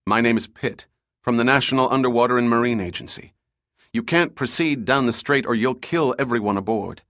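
A man playing a steady, determined male agent in an audiobook thriller, level and insistent in tone, with a dry, close sound and middling pitch. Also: no echo, close to an everyday voice. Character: calm resolute male marine agent.

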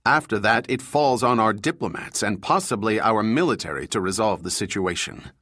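A man's voice: fairly low pitch, moderate pace, no echo, clean studio sound. A male narrator voicing a stern senior intelligence official who speaks firmly and commandingly. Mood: angry. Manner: firm, commanding, shouting when crossed.

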